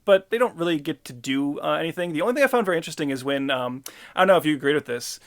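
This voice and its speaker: A man's voice: on the high side, expressive, very fast. A man co-hosting a podcast, chatting casually and with opinions about an old film, cracking dry jokes. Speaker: podcast co-host.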